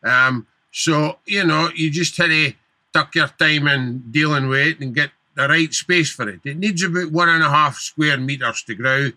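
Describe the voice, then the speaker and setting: A man's voice: a little high, unhurried, bright, forceful tone, no echo. A Scottish man giving practical gardening advice on a radio show, down-to-earth. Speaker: gardening expert.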